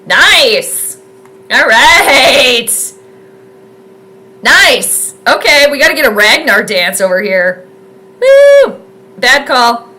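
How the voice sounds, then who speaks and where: A woman streamer talks her way through a live football game in a casual, excitable, rambling manner. Her voice sits high and sounds bright and forceful, with plenty of fillers. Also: slow, pauses often, a little hiss or hum. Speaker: sports streamer doing live game commentary.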